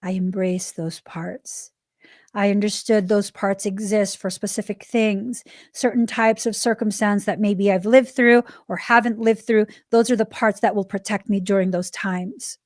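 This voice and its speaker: A woman in her forties hosting a spiritual self-help podcast, talking earnestly and stressing key words, sometimes dropping to a soft, reflective tone. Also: medium pitch, steady tone, measured pace, no echo, studio quality. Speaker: podcast host.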